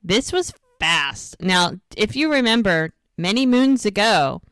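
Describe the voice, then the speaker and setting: This woman speaks slowly in a mid-range voice, with no room sound in the recording. Co-hosting a podcast, she animatedly retells a TV episode in a relaxed way, voicing the characters' lines herself.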